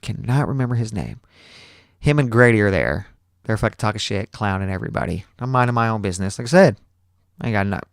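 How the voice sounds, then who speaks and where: Man, podcast host, low voice, gravelly, foul-mouthed, casual storytelling. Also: dry recording, studio quality. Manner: profane, repetitive, animated retelling.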